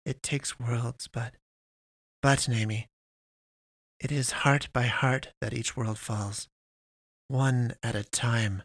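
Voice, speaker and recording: A man reading the part of an earnest android woman pastor, grave and measured in her appeals. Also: medium pitch, fairly even intonation, dry recording, clean studio sound. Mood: pleading.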